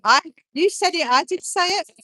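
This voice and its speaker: A woman's voice: very high-pitched, lively intonation, moderate pace, sharp tone, no room sound, studio quality. An older woman chatting to camera outdoors at a march, giggly and hesitant, fumbling her words. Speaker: the streamer's wife. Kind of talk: casual chat to camera. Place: outdoors at a crowded street march. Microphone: handheld phone.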